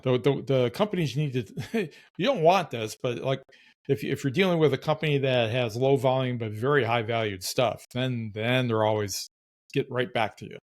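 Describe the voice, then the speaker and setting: A man co-hosting a casual podcast, giving short replies and measured explanations. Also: medium pitch. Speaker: podcast co-host.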